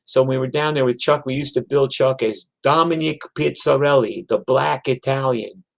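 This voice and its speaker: A man's voice: medium pitch, moderate pace, creaky, rough recording. A middle-aged man, a musician telling rambling, profane stories in a casual monologue full of "like" and "you know.". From New York.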